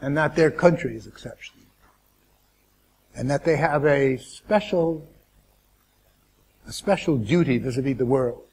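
A man speaking as a guest lecturer to students, deliberate and wry, with asides and restarts. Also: mid-range voice.

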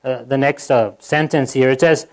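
A pastor giving a sermon in church, talking in a loose conversational way with asides to the congregation and acting out quotes. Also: male voice, medium pitch, moderate pace, low-quality recording. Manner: animated, acting out quotes in a livelier voice.

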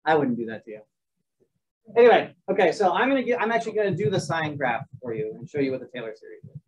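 A man's voice: a little high, very animated, fast talker, recorded from a distance. A man lectures a math class in a loose, chatty way, full of joking asides and restarts as he works problems out aloud. He sounds set back from the microphone, and the recording is dull and muffled. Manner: rambling, joking asides, restarts while working sums. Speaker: math teacher.

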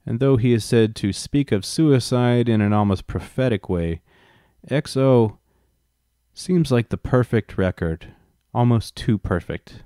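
A man's voice: medium pitch, measured pace, dark tone, no room sound, studio quality. A man reading a book aloud and breaking off into wry, profane asides. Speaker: reader and commentator.

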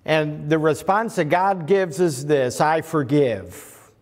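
A man's voice: on the high side, slow pace. A man preaching a sermon as pastor, earnest and building to emphatic climaxes. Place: church sanctuary. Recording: long reverb of a church hall.

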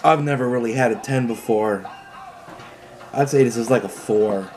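A man speaks in an easygoing, plain-spoken way, with the odd swear, while his mouth burns from spicy food. He keeps a steady middle pitch and a relaxed, casual tone throughout. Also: normal speed, soft background music. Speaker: vlogger tasting food on camera. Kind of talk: casual food challenge chat.

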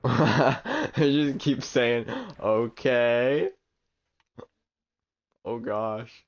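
A man's voice: lowish voice, steady tone, measured pace, vocal fry. A man streaming a video game, chatting casually and teasing the characters on screen in a rambling way. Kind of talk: casual gameplay commentary.

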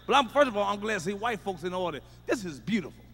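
A man doing a stand-up comedy routine, loud and profane, swinging between shouted punchlines and muttered asides. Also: sits high, very animated, quick pace. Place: large theater stage with live audience. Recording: live concert hall reverb.

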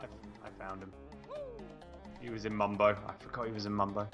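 Co-hosting a let's play, a British man banters and hums nonsense tunes as he plays, in casual gaming commentary. His voice sits low with little pitch movement, and he talks briskly. The dull lo-fi recording has game music underneath.

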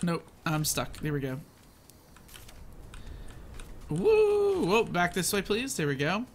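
A man giving casual, excitable commentary as he plays a video game and narrates his own moves. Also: a little high, moderate pace, a little hiss or hum. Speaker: gaming channel host.

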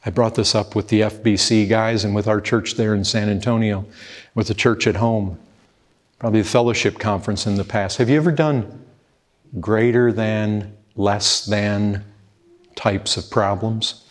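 A man's voice: fairly low pitch, steady tone, moderate pace. A man preaching an urgent, pleading sermon, often appealing to his listeners as brethren. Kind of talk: fervent sermon.

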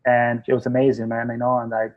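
A man in his forties from Albania, speaking English with an Albanian accent, telling his life story as a guest in a casual interview, lively and quick to laugh. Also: mid-range voice, lo-fi sound. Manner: animated storyteller, acts out quoted voices, laughs often.

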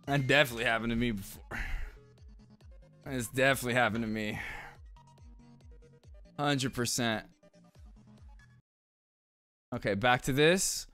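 A streamer hosting a live reaction stream, chatting casually between clips with quick asides to chat. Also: medium pitch, fairly even intonation, fairly bright tone, faint music behind.

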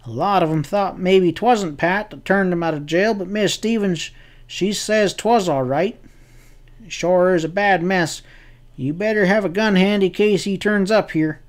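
A man voicing an excitable frontier townsman who spills urgent news in a folksy drawl, for an audiobook western. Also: high voice, measured pace, pitched above the performer's own voice. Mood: alarmed.

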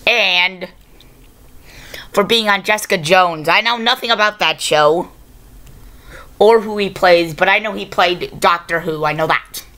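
Woman host, bright voice, rambling off-the-cuff reviewer who corrects herself mid-sentence. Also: fairly low pitch, measured pace, long pauses. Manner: rambling, unscripted, self-correcting. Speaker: video reviewer. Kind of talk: casual improvised video review.

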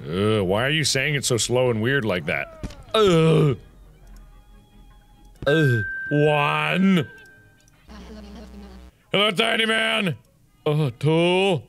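A man hosting a gaming video, giving animated, jokey let's-play commentary that swings from squeaky to mumbled. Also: slow, pauses often, soft background music.

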